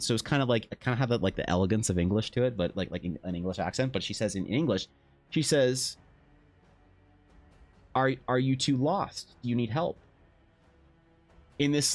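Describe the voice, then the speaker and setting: Man, young adult, low voice, rambling casual stream talk, faint music behind. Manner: rambling anecdotes, frequent restarts and swearing. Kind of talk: casual chat while drawing on stream.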